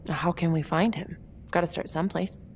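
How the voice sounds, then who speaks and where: A woman's voice: fairly low pitch, steady tone, normal speed, a little mellow, slight background noise, natural voice. A woman playing a blunt sarcastic detective. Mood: skeptical. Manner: dry, clipped, sarcastic. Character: tough sardonic female detective, blunt and skeptical. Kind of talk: video game cutscene acting. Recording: game score playing underneath.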